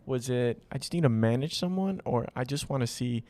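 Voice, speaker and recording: A man hosting an interview, asking a guest relaxed, casual questions and laughing easily. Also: mid-range voice, a little fast. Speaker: podcast host.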